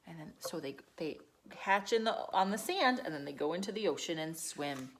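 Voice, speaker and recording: A woman teacher reading a picture book aloud to young children, animated and sing-song, slipping into whispers and gasps. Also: low voice, moderate pace. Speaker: preschool teacher.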